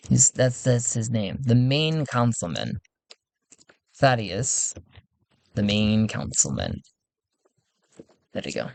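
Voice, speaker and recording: A man's voice: on the low side, lively intonation, slow, gravelly, pauses often, no echo. A man casually narrating a solo role-play game, rambling with self-mocking asides.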